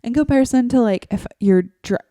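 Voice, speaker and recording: A chatty woman hosts a casual solo podcast from her favorite chair, rambling from thought to thought with plenty of "like" fillers. Her voice is mellow and relaxed yet on the high side and brisk. Spoken straight into a home microphone, the sound is close and dry with no echo.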